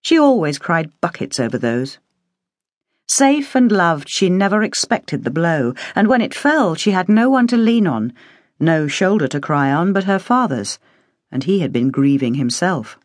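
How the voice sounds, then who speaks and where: Expressive female audiobook narrator. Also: fairly low pitch, measured pace, dry recording, clean studio sound. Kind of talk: scripted narration.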